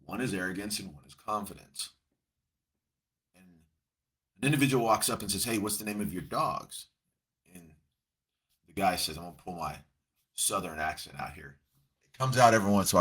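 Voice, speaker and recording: A man's voice: sits low, a little fast, pauses often, fairly bright tone, husky. A middle-aged man, a coach, talking earnestly and reflectively to a camera in a casual motivational way. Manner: earnest, reflective, with many restarts. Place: seated in front of a camera.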